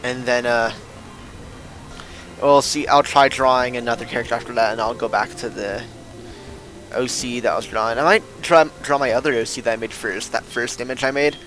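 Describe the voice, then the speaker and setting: A man's voice: medium pitch, fairly even intonation, brisk, a bit bright, faint music behind, low-quality recording. A young man streaming a game, rambling casually and self-deprecating, getting worked up when he rants. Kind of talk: casual gameplay stream chatter.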